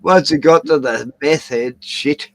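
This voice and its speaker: A man's voice: a little high, unhurried, dry recording, low-quality recording. A man hosting a late-night livestream chat, rambling, swearing and getting worked up as he talks. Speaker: livestream host.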